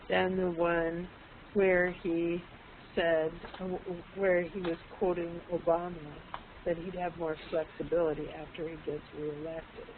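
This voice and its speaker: A woman's voice: fairly low pitch, slight background noise. A woman teaching an online English class, explaining patiently and putting questions to her students. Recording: tinny lo-fi online call audio.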